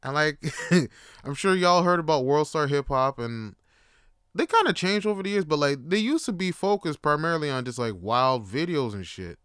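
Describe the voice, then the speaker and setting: Dude rambling on his podcast, swearing, joking around, smooth voice, dry sound. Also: fairly high pitch, expressive, normal speed, a bit bright, no room sound. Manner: rambling, profane, jokey, slips into impressions. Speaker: podcast host. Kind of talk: casual solo monologue.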